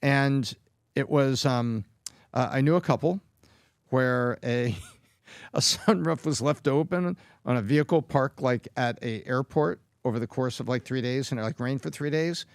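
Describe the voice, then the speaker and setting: A man's voice: mid-range voice, unhurried, dry recording, clean studio sound. A married man co-hosting a casual chat, telling a rambling story and laughing mid-sentence. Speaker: co-host.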